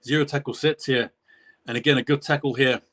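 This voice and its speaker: A man's voice: mid-range voice, steady tone, brisk, a bit bright. A man giving live play-by-play commentary on a match as a stream host, rambling and correcting himself, his voice jumping up at big plays.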